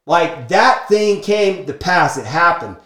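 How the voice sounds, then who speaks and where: A man telling a business story in an energetic, emphatic monologue, peppering his talk with "like" and "okay?". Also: sits high, takes it slowly. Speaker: speaker sharing business lessons from a book. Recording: echoey room.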